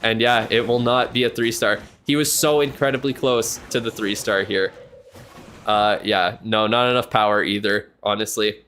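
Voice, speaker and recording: Excitable casual male game commentator. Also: on the low side, a little hiss or hum. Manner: excitable, chatty, quick reactions, casual swearing. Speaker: streamer commentating a match. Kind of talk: casual live play-by-play commentary.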